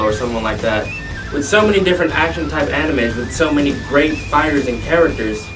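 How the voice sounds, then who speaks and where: A man hosting a hyped gaming video, energetic and jokey with self-mocking asides. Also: medium pitch. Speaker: host. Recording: distant mic with music. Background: background music.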